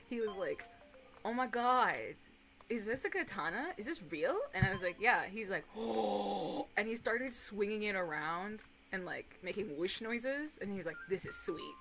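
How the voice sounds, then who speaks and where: A young woman in her twenties streaming casual chat, rambling and animated, swearing casually and breaking into excited impressions of others. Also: medium pitch, moderate pace, gravelly, soft background music, rough recording.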